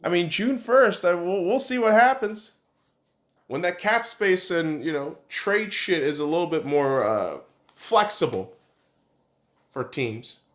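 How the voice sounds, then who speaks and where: A man's voice: high-pitched, expressive, unhurried, fairly bright tone. A man hosting a podcast, giving a casual sports opinion rant in a blunt, profane and rambling way. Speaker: podcast host.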